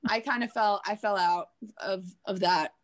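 A woman's voice: mid-range voice, normal speed, dry recording. A young woman from Norway chatting casually, rambling with lots of fillers and restarts. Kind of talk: casual chat.

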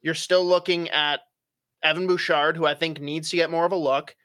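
A man's voice: fairly high pitch, steady tone, moderate pace, pushed and bright, smooth, no room sound, studio quality. A young man co-hosting a casual hockey chat, opinionated and swearing casually with frequent fillers. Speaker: hockey podcast co-host.

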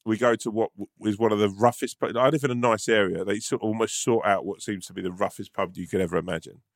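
Low-voiced man telling a rambling story. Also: fairly even intonation, fast, creaky, no room sound, studio quality. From London. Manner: rambling storyteller, swears freely, many restarts. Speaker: podcast co-host. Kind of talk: casual anecdote chat.

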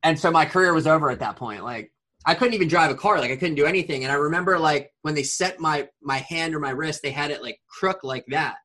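Quick-paced with a fairly high pitch, a forties-aged man spins a wandering tale in casual conversation. His retelling is lively and crowded with filler words.

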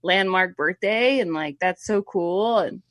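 A woman's voice: fairly low pitch, measured pace, fairly bright tone, no room sound, clean studio sound. A woman co-hosting a podcast over a remote call, chatting in a bubbly, teasing way. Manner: bubbly, teasing, laughs easily. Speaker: podcast co-host. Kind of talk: casual chat. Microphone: remote call mic.

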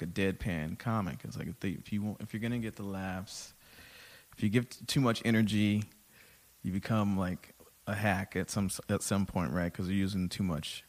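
Swearing, animated male comic telling stories. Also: on the low side. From Texas. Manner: profane storytelling, animated swings in volume. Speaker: stand-up comedian. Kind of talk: casual podcast chat.

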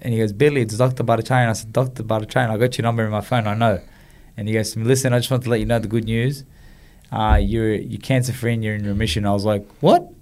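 A man's voice: lowish voice, level tone, fast talker, darkish tone. A man, telling a personal story in an interview and acting out the quoted dialogue. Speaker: guest, former boxer.

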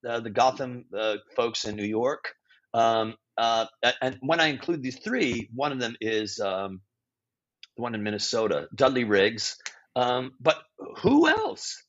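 Husky-voiced man telling stories animatedly. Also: mid-range voice. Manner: animated, frequent restarts and self-corrections; blunt, occasional swearing. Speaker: guest improviser and teacher. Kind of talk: storytelling interview talk. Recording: dull lo-fi audio.

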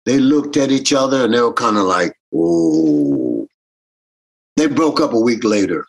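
A man's voice: medium pitch, fairly quick, rough recording. A man, a reggae bandleader telling stories in a casual interview and acting out the voices of people he quotes. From Jamaican American. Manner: animated, acts out quoted voices.

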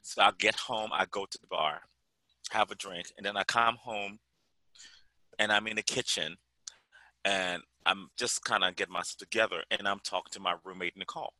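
A man in his forties telling a personal story in a chatty, animated way, full of "like" and quoted dialogue. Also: on the low side, normal speed, dry recording, poor audio. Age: 40s. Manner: animated, chatty, sprinkles "like", quotes people as he tells it.

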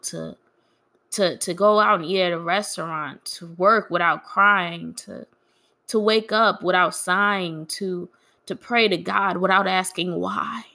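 Young woman, bright voice, grieving, candid personal vlog storytelling. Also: fairly low pitch. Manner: candid, frank, quietly aggrieved.

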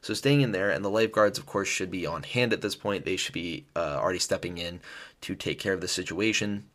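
A young man hosting a podcast, explaining things in a relaxed, chatty way with fillers and restarts. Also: deep voice, fairly quick. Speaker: podcast host. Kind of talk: casual educational podcast talk.

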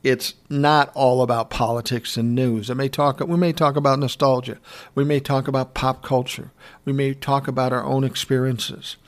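A man's voice: mid-range voice, little pitch movement, normal speed. A man in his sixties hosting a solo podcast, telling personal stories in a candid, reflective, conversational way. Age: 60s. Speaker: podcast host.

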